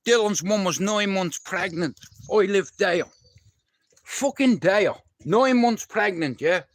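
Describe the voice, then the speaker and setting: Man, live-stream host, profane storyteller, a touch high-pitched, dry sound. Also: expressive, takes it slowly, no room sound. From Dublin, Ireland. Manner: blunt and heavily profane, addressing a listener by name.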